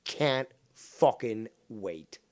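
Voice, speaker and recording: Sarcastic male call-in host, mid-pitched, dry close sound. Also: expressive, extremely slow, darkish tone, no room sound. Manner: mocking, sarcastic, insulting. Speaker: stream host. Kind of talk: live call-in commentary.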